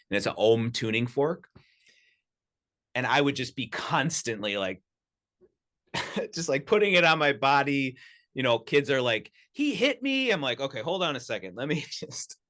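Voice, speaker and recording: A man telling lively personal anecdotes as a podcast guest, talking casually with lots of "you know" and "like". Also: mid-range voice. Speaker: podcast guest, sound healer. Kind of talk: casual storytelling. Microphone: studio podcast mic.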